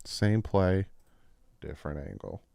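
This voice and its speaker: A man with a New Jersey accent casually breaking down football practice clips as a channel host, explaining plays with excitement. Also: sits low, measured pace, gravelly, heavy background noise. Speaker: sports commentator.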